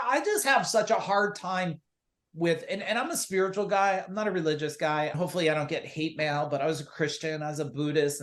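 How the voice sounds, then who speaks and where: A man speaking as a business coach and guest in a casual podcast interview, telling lively stories and acting out the dialogue in them. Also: on the high side. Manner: animated storyteller who acts out quoted dialogue.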